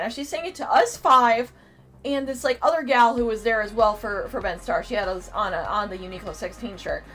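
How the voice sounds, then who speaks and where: A woman co-hosting a casual convention review, telling a story in an animated way with lots of swearing. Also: fairly high pitch, normal speed. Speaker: podcast co-host.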